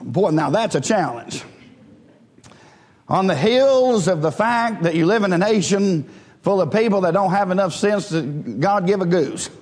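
Man, pastor, sermon, high voice, conversational then fervent, reverberant church hall. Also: animated, measured pace, a little mellow. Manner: conversational preaching, frequent "right?" and chuckles, rising to fervent exhortation.

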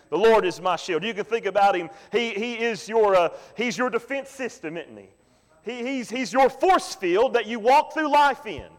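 A man preaching a Sunday sermon as pastor, often asking the congregation "Amen?" and repeating key lines slowly for emphasis. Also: very high-pitched. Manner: preaching with call-and-response "Amen?" asides. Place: church sanctuary. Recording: long hall reverb.

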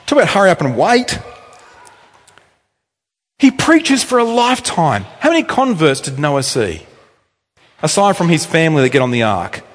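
A male pastor preaching a sermon in a church, telling stories in a chatty, animated way with offhand asides. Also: fairly high pitch, moderate pace, long pauses. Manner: animated storytelling, conversational asides. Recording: echoey hall reverb.

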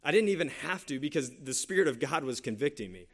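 A man's voice: on the high side, animated, quick pace. A man preaching a sermon, earnest and conversational, often repeating his phrases and telling a personal story. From San Jose Bay Area, California. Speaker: pastor.

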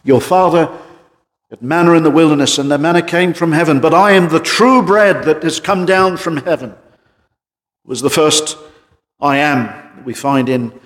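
A man preaching an evening sermon as pastor, emphatic, with drops into a quiet voice. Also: on the high side, unhurried. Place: church. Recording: church hall reverb.

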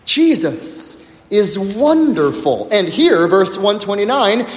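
A man, a pastor preaching a sermon, who speaks emphatically with slow, dramatic pauses and drops to a low hush on key words. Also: big pitch swings. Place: church sanctuary. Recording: echoey hall with long reverb.

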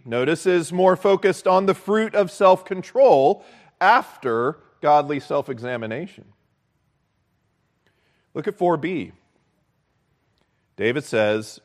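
A man preaching a sermon as pastor, earnest and measured, repeating key phrases for emphasis. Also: on the high side.

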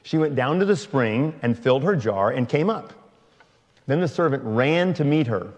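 A man reading a long scripture passage aloud in a slow, measured way. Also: mid-range voice, expressive, darkish tone, long reverb tail, dull audio. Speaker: scripture reader.

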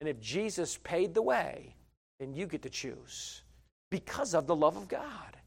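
A middle-aged man preaching a sermon as a pastor, swinging from loud, emphatic lines to quiet conversational asides, repeating phrases and stumbling over fillers. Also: on the high side, sing-song, measured pace, vocal fry, slightly rough.

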